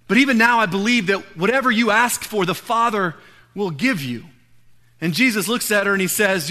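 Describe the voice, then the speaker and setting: A man delivers a sermon. He retells a scripture story as casual, conversational storytelling, in a bright and forceful voice that sits high for a man. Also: animated, fairly quick. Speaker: pastor.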